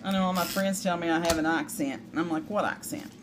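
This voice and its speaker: A woman's voice: fairly low pitch, steady tone, quick pace. A woman with a Southern US accent, chatting through a crafting tutorial with rambling, self-deprecating asides. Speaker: craft demonstrator. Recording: noisy home recording.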